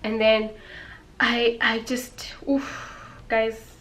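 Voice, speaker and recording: A woman's voice: fairly high pitch, flat delivery, drawn-out words, a bit bright, slight background noise. Emotional young woman telling a story. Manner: emotional, candid, addresses viewers as guys. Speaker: vlogger. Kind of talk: casual storytelling to camera.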